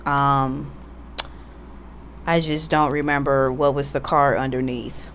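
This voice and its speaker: A woman's voice: rumbling low, level tone, takes it slowly, a bit bright, a little hiss or hum. A woman giving a casual pick-a-card tarot reading, chatty and slangy, joking about herself and swearing offhandedly. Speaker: tarot reader.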